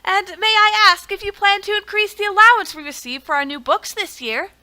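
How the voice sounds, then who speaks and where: A woman's voice: extremely high pitch, fairly quick, sharp tone, pitched above the performer's own voice, full character voice. Woman voicing an earnest formal librarian. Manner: formal, pleading. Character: polite earnest town librarian.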